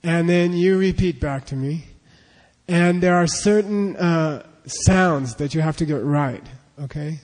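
A man's voice: on the high side, unhurried, darkish tone. A man teaching a class, leading a pronunciation drill and patiently repeating syllables for students to echo. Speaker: language teacher. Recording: long hall reverb.

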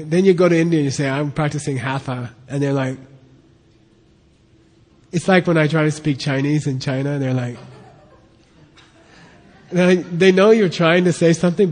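A man's voice: a little high, darkish tone, in a large hall. A man teaching a class in a casual, chatty way, often checking in with "okay?" and repeating himself. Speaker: teacher of Tibetan and Sanskrit texts.

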